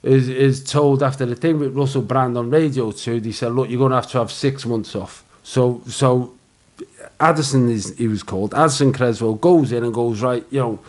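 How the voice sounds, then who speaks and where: A man in his forties with a Liverpool accent, a comedian telling animated anecdotes in a casual podcast chat, acting out the other people's voices and swearing freely. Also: mid-range voice, normal speed. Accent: Liverpool (Scouse). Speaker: comedian guest.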